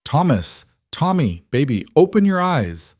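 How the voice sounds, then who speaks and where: A man's voice: fairly low pitch, a little slow, darkish tone, no echo, clean studio sound, lightly acted. A man voicing a desperate young frontier mother, frightened and tender, with a pleading voice that keeps breaking. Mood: panicked.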